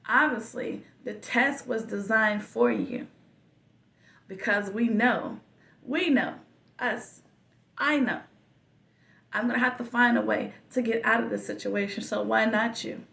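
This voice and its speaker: A woman hosting a podcast, telling a personal story in a slow, reflective way with soft whispered asides. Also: a little high, steady tone, creaky, distant mic. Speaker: podcast host. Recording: echoey room, voice a bit off-mic.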